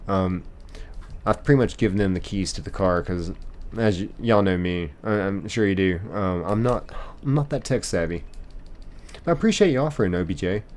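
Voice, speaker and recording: A man's voice: low voice, normal speed, darkish tone. A man streaming a game live, reading chat aloud and rambling casually with lots of fillers and restarts.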